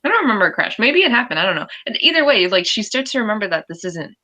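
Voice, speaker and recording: A woman's voice: mid-range voice, very animated, racing, bright, forceful tone. A young woman co-hosting a podcast, casually recapping a TV episode, bluntly quoting characters and swearing. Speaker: podcast co-host.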